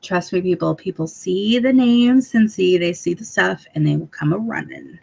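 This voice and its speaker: A woman with a lowish, darkish voice, slightly rough with vocal fry, speaks at a moderate pace. She's giving a casual training talk to fellow sales consultants, bubbly and chatty, full of filler ums and sudden playful voices. The recording is dull and lo-fi.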